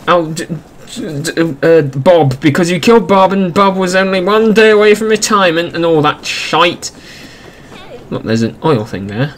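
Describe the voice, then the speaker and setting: A man's voice: on the high side, moderate pace, a little hiss or hum. A young man giving casual, sarcastic commentary while playing a video game, ranting about its flaws. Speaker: gaming YouTuber.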